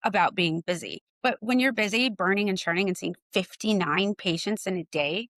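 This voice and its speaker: A woman's voice: mid-range voice, normal speed, no echo. A middle-aged woman, a physician and clinic head, talking as a podcast guest and acting out conversations as she tells stories. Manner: animated storyteller, acts out dialogue. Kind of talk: podcast interview.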